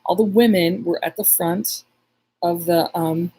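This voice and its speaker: Husky lower-voiced psychic lady rambling thru a story on her livestream, lots of restarts. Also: fairly even intonation, measured pace, mellow, poor audio. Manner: rambling with many restarts, chatty; reads viewer comments aloud. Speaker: psychic medium. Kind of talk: casual live-stream storytelling.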